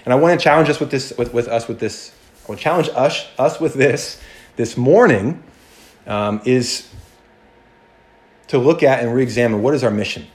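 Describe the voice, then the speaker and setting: A male pastor preaching a sermon in an animated, conversational way, often restarting and acting out quotes. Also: medium pitch, moderate pace, long pauses.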